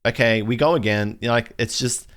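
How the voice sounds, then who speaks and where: A man's voice: medium pitch, a little fast, fairly bright tone. A young man hosting a casual pack-opening video, ranting in an exasperated, rambling way with frequent restarts. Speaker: card collector video host.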